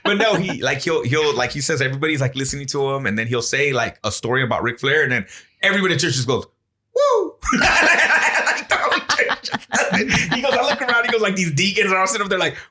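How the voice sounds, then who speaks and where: A man's voice: fairly high pitch, lively intonation, very fast, pushed and bright, a little hiss or hum. A man co-hosting a podcast, chatting casually, laughing often and swearing as he rambles through stories. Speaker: podcast co-host. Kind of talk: casual chat.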